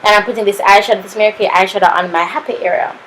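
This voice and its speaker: A woman's voice: mid-range voice, steady tone, rapid-fire, fairly bright tone, a little hiss or hum, rough recording. A young woman with a Jamaican accent narrating a makeup tutorial, sassy and playful, tossing in "honey" and "papito" as she goes. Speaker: makeup artist.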